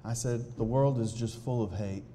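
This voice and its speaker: A man telling a personal testimony to a live audience in an earnest, halting way, often restarting his sentences. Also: medium pitch, dark tone, a little hiss or hum. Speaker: speaker sharing a personal testimony.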